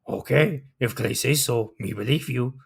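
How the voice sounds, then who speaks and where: A man's voice: mid-range voice, unhurried, creaky, husky. A man reading as a simple-talking furry monster. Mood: tender. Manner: speaks of himself in broken third person. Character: simple-talking male blue fur monster, gentle and eager.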